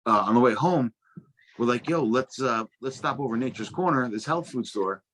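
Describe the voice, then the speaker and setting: A man's voice: medium pitch, animated, moderate pace, a bit bright, slight background noise. A young adult man telling casual stories as a guest, swearing freely and stumbling through restarts. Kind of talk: casual storytelling.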